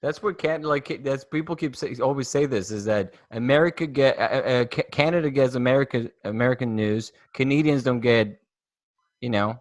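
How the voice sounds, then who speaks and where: A man with a mid-pitched voice chats on a podcast in a laid-back, easy way. His voice is recorded dry, with no room sound. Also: normal speed, no echo. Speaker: podcast co-host. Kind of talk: casual chat.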